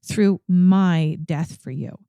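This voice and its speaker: A woman's voice: lowish voice, takes it slowly, warm tone, clean tone, no room sound, clean studio sound. A woman co-hosting a conversational Bible discussion, emphatic and repeating phrases for stress. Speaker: podcast co-host.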